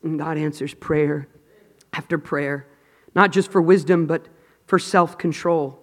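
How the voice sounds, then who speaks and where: A man preaching a sermon with passion, swinging from loud cries to hushed whispers. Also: fairly high pitch, steady tone, measured pace. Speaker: pastor. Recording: long hall reverb.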